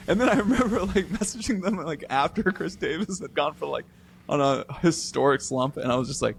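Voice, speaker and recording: Lively high-voiced man, animated storyteller. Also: a little fast, gravelly, slight background noise. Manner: animated, playful storyteller, laughs often. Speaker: podcast co-host. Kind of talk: casual sports chat.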